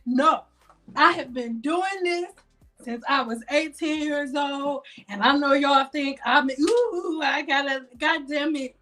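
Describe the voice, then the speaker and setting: A woman hosting a casual hair care live stream, loud and dramatic, swearing and talking straight to her chat. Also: high-pitched, takes it slowly.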